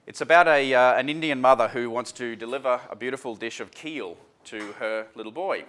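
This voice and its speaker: A man's voice: medium pitch, fairly quick, fairly bright tone. A man presenting a workshop seminar to a live audience in a chatty, informal way, full of fillers and restarts. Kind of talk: casual workshop talk.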